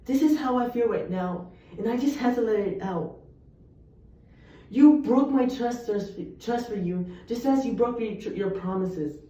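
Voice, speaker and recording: A woman's voice: on the high side, measured pace, dark tone. Young woman reciting poetry in an echoey room. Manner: earnest, emphatic recitation. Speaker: student reciting poems. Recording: echoey, distant, muffled room recording.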